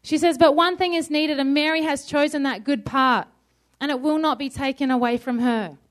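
High-voiced woman preaching a sermon. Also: normal speed. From Australia. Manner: conversational, asks the crowd questions.

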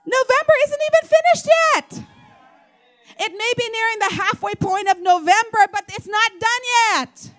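A woman pastor preaching a sermon in an animated way, acting out quoted voices. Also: very high voice, normal speed.

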